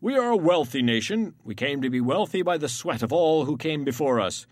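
Smug formal islander, lively delivery, close dry mic. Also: male voice, fairly high pitch, fairly quick, no room sound. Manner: calm explaining, formal. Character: smug self-assured male island official. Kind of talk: audio drama acting.

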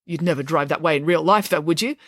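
A woman's voice: low-pitched, fast talker, fairly bright tone, dry recording, studio quality. Indignant headmaster, a woman reading him. Stuffy, complaining. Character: stuffy male headmaster, middle-aged.

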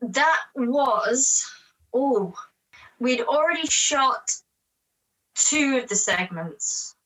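An actress with an English accent chatting as a guest, talking quickly and laughing often. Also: female voice, sits high, animated, a bit bright, low-quality recording. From England. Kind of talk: casual interview chat.

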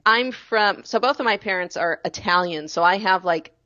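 A woman's voice: mid-range voice, moderate pace, bright, forceful tone, lo-fi sound. Chatty woman with a faint Boston accent. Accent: slight Boston. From Boston area, Massachusetts. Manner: chatty, laughs easily, many fillers. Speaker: interview guest, voice coach and music school owner. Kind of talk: casual interview chat.

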